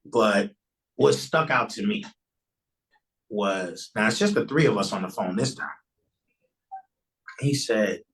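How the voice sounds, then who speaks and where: A man's voice: lowish voice, unhurried, long pauses, poor audio. A man guesting on a podcast, earnestly telling a personal testimony in a loose, conversational way and often restarting his sentences.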